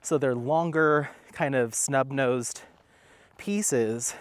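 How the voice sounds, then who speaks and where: A man's voice: medium pitch, extremely slow, no echo. Chatty man rambling outdoors. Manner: rambling, chatty, stops often to call his dog. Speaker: vlogger. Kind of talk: casual chat. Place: outdoor dog park at sunset.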